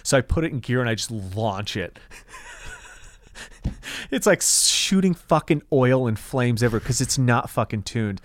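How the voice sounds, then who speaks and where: A man's voice: medium pitch, normal speed, no room sound. A man co-hosting a podcast, telling a long profane story in casual chat and acting out the people in it. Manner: profane, animated storyteller quoting others. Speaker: podcast co-host.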